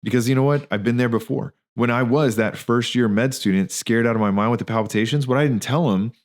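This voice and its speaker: A man's voice: mid-range voice, fast. A man in his thirties hosting a podcast, telling personal stories in a candid, slangy, emphatic way. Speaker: podcast host, physician and practice owner. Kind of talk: casual spoken monologue.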